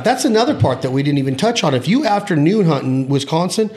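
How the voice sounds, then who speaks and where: A man's voice: on the high side, expressive, quick pace, a little mellow. A man hosting a casual hunting podcast, talking emphatically and swearing freely while ribbing his guests. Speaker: podcast host.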